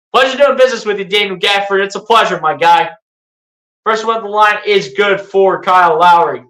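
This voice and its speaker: A live fan play-by-play commentator calling a basketball game, excitable, sliding into sarcastic rants and pleading asides. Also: medium pitch, a little fast, echoey room, rough recording.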